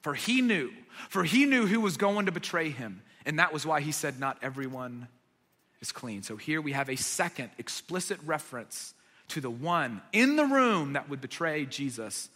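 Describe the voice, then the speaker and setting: Bright-voiced preacher in a reverberant hall. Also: male voice, on the high side, big pitch swings, normal speed. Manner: dramatic retelling, swings from loud to hushed. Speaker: pastor. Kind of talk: sermon.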